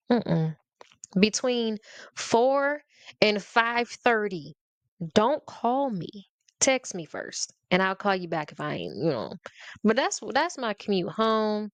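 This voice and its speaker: A woman's voice: fairly high pitch, no echo. A woman hosting her own show, ranting in a casual, sassy and playful way, laughing often as she talks straight to her audience. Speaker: podcast host. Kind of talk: casual comedic rant to the audience.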